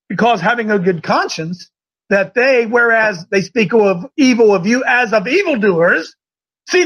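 A pastor hosting a talk show, preaching with passion and shifting from quiet reading to loud shouting. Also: male voice, very high-pitched, expressive, normal speed, slightly rough.

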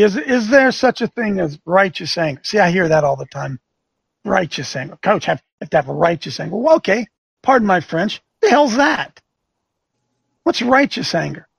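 Gravelly, high-pitched fiery male host. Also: no room sound. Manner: combative, rhetorical questions, preachy. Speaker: talk show host and coach. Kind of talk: fiery commentary with a call-in feel.

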